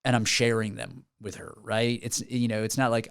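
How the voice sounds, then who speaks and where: An earnest man in his forties talks through his story in a podcast studio, circling back and restarting often. His voice sits at a middle pitch and sounds dry and close to the mic. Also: fairly even intonation, moderate pace, vocal fry, clean tone, no room sound. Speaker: musician guest. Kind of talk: casual podcast interview.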